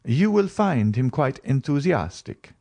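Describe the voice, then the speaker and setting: A man voicing a composed, worldly nobleman who speaks in a smooth, measured, knowing way, in an audiobook reading. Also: medium pitch, very animated, warm tone, voice pushed up. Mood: assured. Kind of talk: audiobook character voice.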